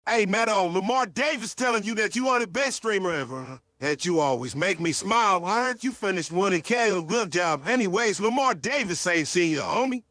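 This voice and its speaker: A streetwise young man drawls a friendly shout-out in a high, bright voice, as a man puts him on. The sound is dry and close, slightly muffled like a played clip. He stretches his slang lazily. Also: animated, normal speed, hardly any pauses, no room sound.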